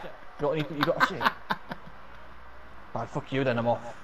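A man's voice: medium pitch, normal speed, crowd noise. A young man commenting jokily while playing a co-op game. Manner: joking, playful commentary. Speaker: gamer playing co-op. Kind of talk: casual let's-play chat.

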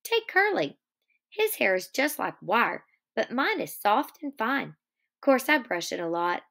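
A woman's voice: very animated, unhurried, fairly bright tone, exaggerated voice. A woman voicing a coy young ranch wife. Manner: coy, then shrill.

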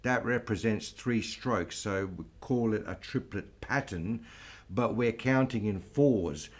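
A man teaching flamenco guitar, explaining strumming patterns slowly and patiently. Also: on the low side. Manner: slow, patient, counts aloud over playing. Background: flamenco guitar playing.

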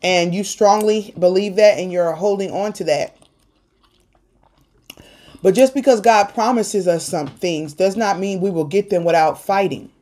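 A woman host speaking earnestly about faith and perseverance in a casual chat, talking like a sermon and protesting loudly when teased. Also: medium pitch, unhurried. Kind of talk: casual faith talk on an eating show.

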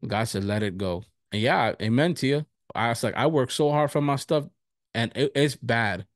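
A male pastor teaching a casual bible study, telling personal stories with frequent laughter and animated retelling. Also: medium pitch, normal speed, no room sound, studio quality.

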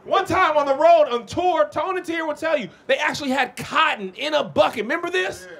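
A man performing a stand-up comedy set with excitable, animated storytelling. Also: very high voice, a little fast, gravelly.

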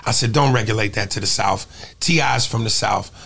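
A man's voice: lowish voice, fairly quick, creaky, sharp tone, breathy edge. A middle-aged man as a comedian guest, arguing emphatically and mocking slang in casual chat. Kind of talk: animated argumentative chat.

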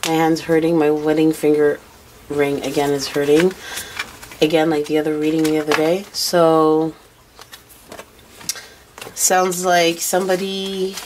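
A woman with a tired, worn voice gives an unhurried tarot reading, lingering over each phrase. She rambles intuitively, repeating what she hears and sees, in a slightly low register. A faint hiss sits under her voice. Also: poor audio. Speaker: tarot card reader. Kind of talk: casual tarot reading to camera.

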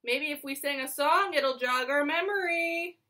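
A young woman teaching preschoolers over video, talking in a slow, singsong, encouraging way. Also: high-pitched, pushed and bright. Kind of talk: online circle time for young children. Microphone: phone or camera held close, adjusted mid-video.

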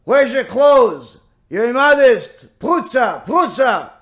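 A high-pitched, preachy parrot scolds over and over in a sharp, chanting voice, as a man puts him on. He sounds louder than the storyteller around him. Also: big pitch swings, slow, full character voice. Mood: scolding. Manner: repeats rebukes in a sharp chant.

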